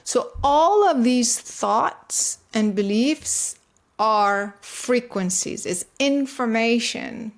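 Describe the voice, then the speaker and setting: Higher-voiced woman explaining earnestly. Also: animated. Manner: earnest, explaining, quick bursts with restarts. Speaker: guest, consciousness researcher. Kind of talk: interview conversation.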